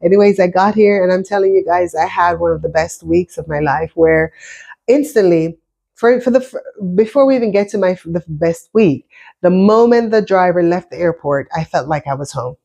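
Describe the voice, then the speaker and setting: A woman's voice: lowish voice, moderate pace, vocal fry, warm tone, muffled recording. A woman in her fifties with a Jamaican-American accent, chatting casually and telling her personal story to viewers, often restarting and repeating words. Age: 50s. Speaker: vlogger.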